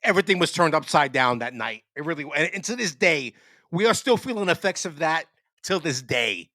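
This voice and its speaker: A slightly high, slightly fast male voice with no echo belongs to a podcast co-host. In easygoing conversation he launches into rambling, profanity-heavy stories with real animation.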